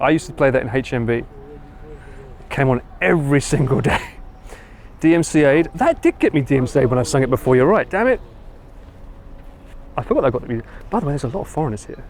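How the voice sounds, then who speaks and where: A man with an Essex accent talks casually to his live-stream viewers from a city street, answering their comments as he goes. His voice sits at an ordinary middle pitch, with faint street and traffic noise behind him. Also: a little mellow. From England. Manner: chatty, reads and answers viewer comments while walking. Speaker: livestream host.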